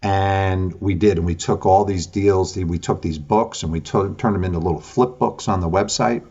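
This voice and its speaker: A man with a low, husky voice tells a lively story as a podcast guest. He acts out each exchange as he goes. The sound is dull and lo-fi, like a video call. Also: normal speed. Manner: animated storyteller who acts out conversations. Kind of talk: storytelling in an interview.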